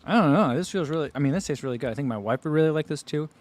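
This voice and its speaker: A man's voice: fairly high pitch, very fast. A man in his thirties hosting a running livestream, chatting casually and sometimes talking with his mouth full. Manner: relaxed, chatty, talks while chewing. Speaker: running channel host. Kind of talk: casual livestream food tasting.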